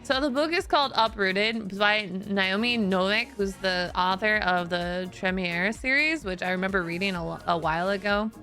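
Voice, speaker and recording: A young woman streamer casually telling a story to her chat, giggly and animated, swearing freely. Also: medium pitch, moderate pace, hardly any pauses, soft background music.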